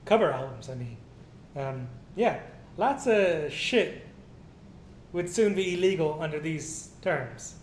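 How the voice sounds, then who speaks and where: A man's voice: lively intonation, slow pace. A man co-hosting a casual news commentary stream, ranting with profanity and reading news items aloud. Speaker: co-host. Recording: echoey room with faint rumble.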